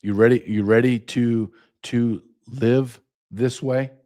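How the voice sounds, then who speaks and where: A man's voice: mid-range voice, steady tone, takes it slowly, warm tone. A middle-aged American man hosting his own show, ranting with sarcasm and piling up rhetorical questions. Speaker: podcast host. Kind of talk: ranting monologue.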